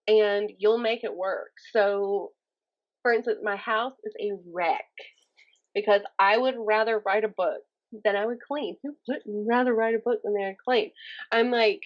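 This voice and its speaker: A young woman with a Southern accent from Mississippi, chatting as a podcast guest, animated and often laughing. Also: mid-range voice, dull audio. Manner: animated, laughing, mimics others in quotes. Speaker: guest poet and YouTuber. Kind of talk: casual interview chat.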